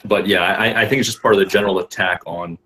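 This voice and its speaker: A man in a casual podcast chat, talking haltingly with many restarts and fillers. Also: sits low, fairly even intonation, sharp tone.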